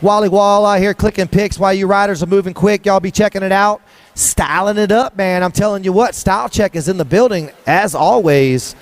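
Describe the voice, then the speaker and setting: A man with a high, bright voice calls live BMX racing outdoors. He rattles off riders and plate numbers in a quick, rhythmic, sing-song patter. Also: dry recording. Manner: rapid-fire rhythmic calling, sing-song hype. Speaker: race announcer. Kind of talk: live BMX race commentary. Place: outdoor race track.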